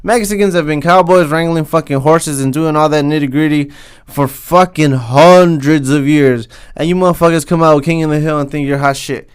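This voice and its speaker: Young man, podcast host, profane rant, heated, smooth voice, slightly high. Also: normal speed. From Southern California. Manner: heated, swears constantly, says "man" a lot.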